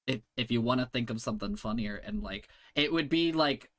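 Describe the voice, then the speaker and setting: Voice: mid-range voice, animated, a little fast, a bit bright. A participant in a comedy workshop chatting casually over a video call, playful and thinking aloud. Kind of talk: casual conversation.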